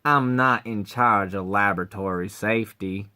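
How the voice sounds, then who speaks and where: A man voicing an arrogant, vulgar male scientist who drawls slowly with contempt, as an amateur voice audition. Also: on the low side, bright, forceful tone. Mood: contemptuous. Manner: slow, lazy drawl with heavy contempt.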